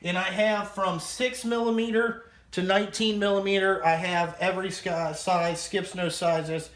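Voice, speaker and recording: A man's voice: high-pitched, level tone, moderate pace, a bit bright. A man in his thirties giving a casual show-and-tell as a vlogger, blunt, profane and rambling. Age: 30s. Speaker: vlogger showing his toolbox. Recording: echoey room.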